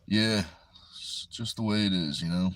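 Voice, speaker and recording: Sitting in his parked car with a phone on the steering wheel, this low-voiced host runs a relaxed live chat, reading out viewer comments and responding. He speaks a little slowly with fairly even intonation and a slightly bright sound. There's no room sound at all.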